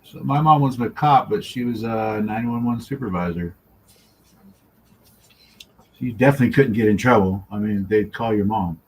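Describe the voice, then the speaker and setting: A man in casual chat, telling an animated anecdote and acting out the quoted lines. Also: fairly low pitch, moderate pace, pauses often, slight background noise, low-quality recording. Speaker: stream co-host.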